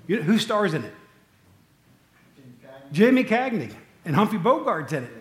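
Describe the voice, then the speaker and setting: A man's voice: high voice, very animated, unhurried, roomy sound. A man preaching a sermon, telling stories in a loose, conversational way with asides to the congregation. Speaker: pastor.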